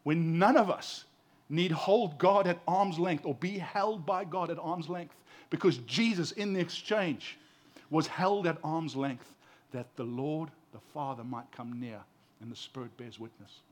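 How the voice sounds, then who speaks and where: Impassioned man preaching, raised pitch. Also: a little slow. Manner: impassioned, swinging from loud emphasis to hushed tenderness; repeats words when building a point. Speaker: pastor. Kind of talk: sermon.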